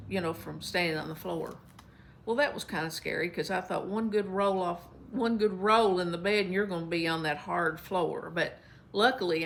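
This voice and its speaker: A woman's voice: fairly low pitch, vocal fry, a little hiss or hum. A woman from Kentucky, telling a chatty, folksy story to her viewers. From Kentucky, USA. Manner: folksy, chatty, warm storytelling with many fillers. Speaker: vlogger. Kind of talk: casual storytelling to camera.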